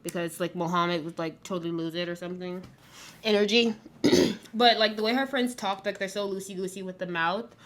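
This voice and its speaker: A woman with a lowish voice and fairly even intonation briskly recaps a reality TV show. She rambles and speaks bluntly and candidly, saying "like" a lot.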